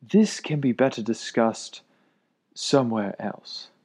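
A man voicing a guarded young fraternity leader who speaks slowly and through his teeth in a storybook reading. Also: mid-range voice, animated, a little mellow, husky, full character voice. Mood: cautious.

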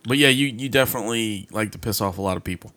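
A man's voice: fairly low pitch, fast talker, bright, forceful tone, dry recording. A man co-hosting a podcast, chiming in with short laid-back reactions and swearing. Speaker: podcast co-host. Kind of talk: casual banter.

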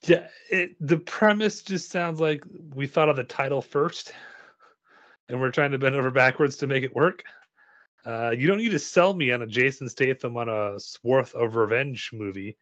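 A man co-hosting a casual chat about upcoming movies, joking and rambling with loud bursts of enthusiasm. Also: medium pitch, normal speed, dry recording, highs cut off. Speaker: podcast co-host leading the movie preview.

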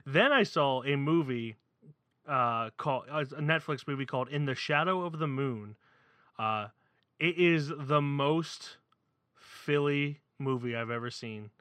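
Man from the Philly area, casual chat, animated, swears a lot, bright forceful tone, dry close sound. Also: medium pitch, unhurried, clean tone, dry recording. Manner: animated, excitable, swears freely. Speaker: podcast co-host.

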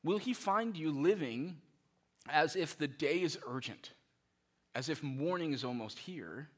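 A man preaching a sermon as pastor, animated and conversational, with many rhetorical questions. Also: a little high, unhurried.

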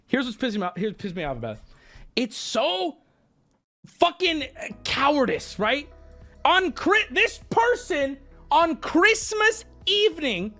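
A man streaming live, telling an exasperated story with lots of swearing and sudden high jumps in his voice. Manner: animated, indignant, swears a lot.

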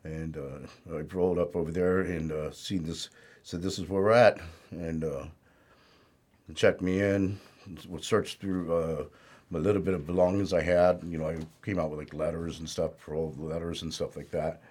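A man's voice: sits low, steady tone, normal speed, darkish tone. A man speaking as an interview guest, telling his life story in a plainspoken, rambling way with lots of "you know".

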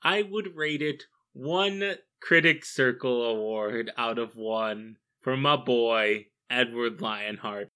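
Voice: medium pitch, slow, hardly any pauses, bright, forceful tone, smooth. A co-host of a casual film review podcast who adds wry quips.

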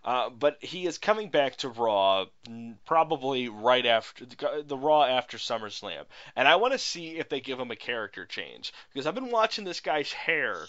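A man's voice: medium pitch, sing-song, moderate pace, hardly any pauses, fairly bright tone. A man co-hosting a casual podcast, ranting with plenty of profanity. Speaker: podcast co-host. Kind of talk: casual chat. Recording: dull lo-fi podcast audio.

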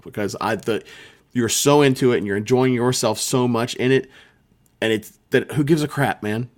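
A man co-hosting a podcast in casual chat, rambling and encouraging, and quick to laugh. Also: medium pitch. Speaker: podcast co-host. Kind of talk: casual chat about tabletop gaming.

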